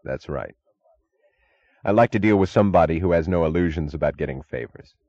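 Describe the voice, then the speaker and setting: A man voicing a cold steel magnate who bargains in an even, dryly mocking tone. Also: low-pitched, brisk, dry recording, lo-fi sound.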